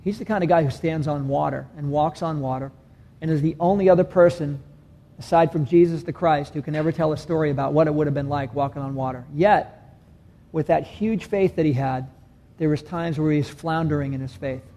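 A man's voice: a little high, steady tone, a little fast, warm tone. A man preaching a sermon as pastor, earnest and repeating key phrases for emphasis. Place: church sanctuary.

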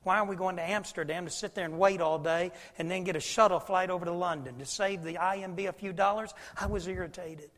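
High-voiced preacher in a hall. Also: male voice, steady tone, fast talker, few pauses. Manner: folksy storytelling, swings between loud and hushed. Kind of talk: sermon. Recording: long hall reverb.

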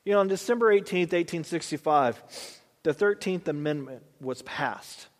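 A man with a high voice preaches a sermon in a church hall. He reads scripture slowly, then builds with rising emphasis. A long reverb hangs on every word. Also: animated. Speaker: pastor.

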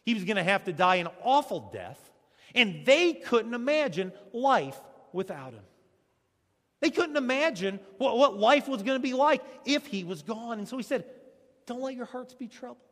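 A male pastor preaching a sermon, swinging between loud, emphatic lines and hushed ones. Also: very high voice, sing-song, moderate pace. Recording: long church reverb.

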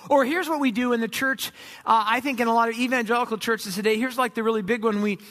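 A man's voice: very high-pitched, steady tone, quick pace, fairly bright tone. A middle-aged man preaching a conversational sermon as pastor, joking and acting out imagined voices. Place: church sanctuary. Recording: long hall reverb.

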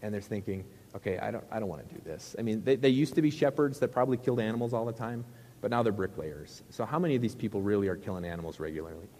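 A man's voice: on the low side, rapid-fire, a little mellow, a little hiss or hum. Joking male preacher in a long-echo hall. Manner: conversational and joking, with rhetorical questions to the audience. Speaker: pastor. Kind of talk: sermon.

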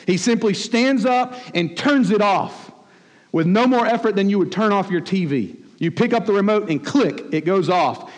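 A man preaching a sermon as pastor, telling a story with animated, acted-out rebukes. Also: a little high. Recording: long hall reverb.

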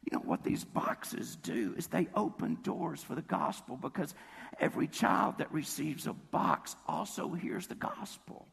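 Hoarse male pastor, husky, chatty storyteller, sermon in a big echoing hall. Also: expressive, unhurried, a bit bright. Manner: conversational storytelling, acts out quotes with jumps in pitch. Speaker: preacher.

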